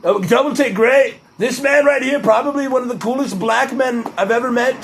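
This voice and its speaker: A man's voice: very high-pitched, moderate pace, vocal fry, fairly bright tone, slight background noise, voice pushed up, heavily acted. A man doing an impression of a brash, boastful older male politician, full of superlatives and blunt off-color remarks.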